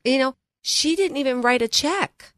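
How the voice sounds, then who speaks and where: A woman's voice: sits high, expressive, normal speed, fairly bright tone, dry recording, studio quality. A middle-aged woman co-hosting a financial radio show, telling stories in an earnest, emphatic way. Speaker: financial advisor and co-host. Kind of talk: radio talk show chat. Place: radio studio. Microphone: studio mic.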